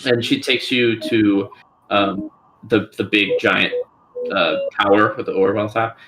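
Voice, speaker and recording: A man narrating as dungeon master, halting and full of filler words. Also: fairly low pitch, steady tone, background noise. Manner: halting, full of ums and likes. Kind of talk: narrating a tabletop game.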